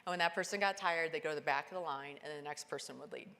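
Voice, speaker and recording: A woman giving a keynote talk, telling a climbing story and acting out the dialogue with lively, animated delivery. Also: fast, vocal fry. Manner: animated, acts out dialogue with big pitch jumps. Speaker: keynote speaker. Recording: long hall reverb.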